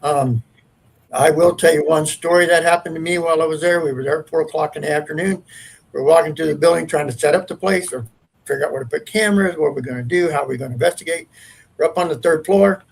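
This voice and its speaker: A man's voice: fairly high pitch, fast, vocal fry, husky, poor audio. A man, a paranormal investigator, telling a long ghost story in a rambling, earnest, casual way.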